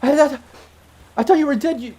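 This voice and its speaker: Brief: man playing a frantic rebel woman, tearful, stammering, voice pushed up high. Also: fairly quick, warm tone. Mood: sobbing disbelief. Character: distraught woman, scarred ex-girlfriend rebel leader.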